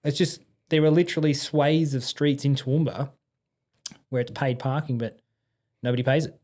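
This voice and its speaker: Aussie guy on a podcast, blunt chatty yarns, lots of slang and restarts, mid-pitched voice. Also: normal speed. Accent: Australian. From Australia. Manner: blunt, lively anecdotes with frequent restarts and slang. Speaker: podcast guest. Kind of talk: casual conversational storytelling.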